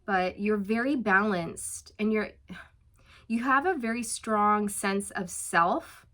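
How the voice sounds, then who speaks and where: A woman reads tarot in a loose, conversational way, full of fillers and easy laughter. Her voice sits at an ordinary mid pitch. She stretches out her words when she wants to reassure the listener. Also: bright, forceful tone. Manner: chatty and encouraging, many fillers and light laughs; slows down for emphatic reassurances. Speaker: tarot reader. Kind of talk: casual spoken tarot reading.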